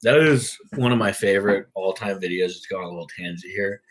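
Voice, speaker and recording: Husky-voiced man rambling about sports. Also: low voice, steady tone, fast, rough recording. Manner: profane, rambling. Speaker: host. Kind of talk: casual sports talk.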